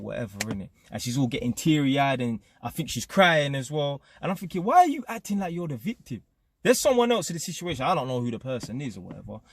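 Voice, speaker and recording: A man's voice: medium pitch, dry recording. A young man, ranting his opinions to camera as a channel host in slangy street talk, forever tagging questions onto his lines. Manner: slangy, streetwise, repeats tag questions like innit. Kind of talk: casual opinion rant to camera.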